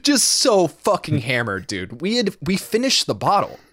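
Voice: mid-range voice, wildly swooping pitch, normal speed, fairly bright tone, dry recording. A young adult telling a wild party story in casual chat, swearing often, laughing, and saying "dude" and "like" a lot. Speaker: podcast storyteller.

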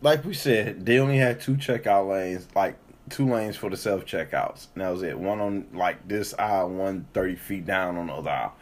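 A man's voice: low voice, moderate pace, few pauses. A man in a casual podcast chat, telling profane stories and acting out the people he quotes. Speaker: co-host.

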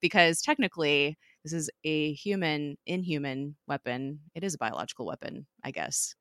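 A woman's voice: deep voice, expressive, normal speed, fairly bright tone, no echo, clean studio sound. A woman casually recapping a TV episode in a chatty, emotional way, full of fillers like "like" and "um".

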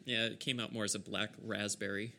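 Casting: gravelly, bright-toned male game master, wry narration. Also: on the low side, flat delivery, brisk, a little hiss or hum.

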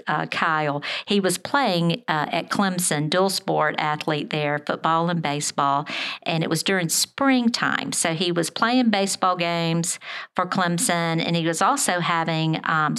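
Earnest middle-aged woman, lowish voice. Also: fairly bright tone, clean tone. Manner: earnest, hesitant with many fillers and restarts. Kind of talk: storytelling in casual conversation.

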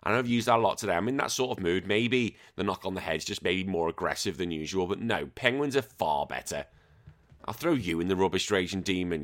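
Brief: male podcast host, thirties, low-ish voice, sweary jokey rants. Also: animated, a little fast, a bit bright. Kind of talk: casual chat.

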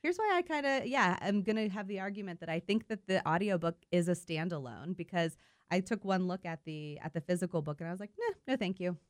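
A woman's voice: lowish voice, animated, fast, no room sound. A woman co-hosting a local radio show, upbeat and chatty, laughing often as she leads a casual talk in a studio.

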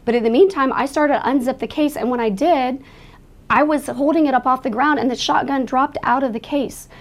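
Speaking a little fast in a high-pitched voice, a woman gives an earnest, emotional account of a frightening night. She tells it as a faith-minded testimony.

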